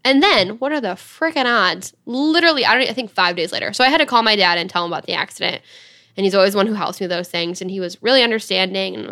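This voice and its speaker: A woman's voice: mid-range voice, bright, forceful tone. A young woman telling a story in a casual, chatty way, with lots of "like". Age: young adult. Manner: chatty, fast, full of "like". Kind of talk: casual chat.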